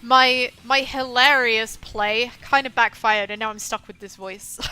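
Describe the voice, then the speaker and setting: A woman from England with a softened Southwest English accent, chatting casually as a VTuber streamer between game scenes. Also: a little high, steady tone, a little slow, smooth. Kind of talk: casual gaming commentary.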